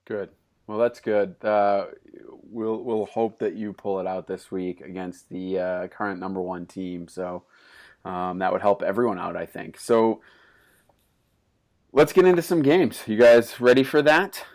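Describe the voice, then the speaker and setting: A man's voice: on the low side, measured pace, a little mellow. A man hosting a casual podcast chat, talking loosely with plenty of fillers and restarts. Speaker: podcast host.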